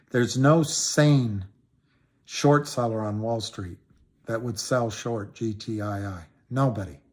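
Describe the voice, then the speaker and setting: A livestream host talking stocks rambles casually while answering viewers, repeating himself for emphasis. His pitch swings up whenever he gets riled.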